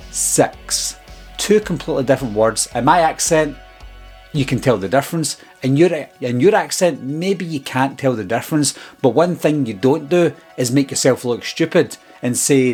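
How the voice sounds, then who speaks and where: A man's voice: mid-range voice, animated, normal speed, darkish tone, husky. A man speaking as a film-review YouTuber, giving an earnest, exasperated casual commentary about his critics. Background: faint background music.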